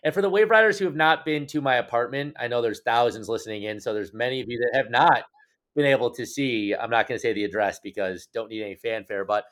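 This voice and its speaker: A man's voice: medium pitch, fast talker, fairly bright tone. A man in his thirties co-hosting a podcast, bantering and teasing his co-hosts in a playful, jokey way. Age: 30s. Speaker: podcast co-host.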